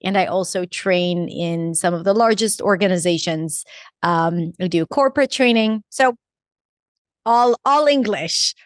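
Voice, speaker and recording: Woman guest from Israel, English teacher, deliberate and articulate, dry close sound. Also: on the low side, no echo. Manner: articulate, deliberate, stretches key words. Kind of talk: podcast interview answer.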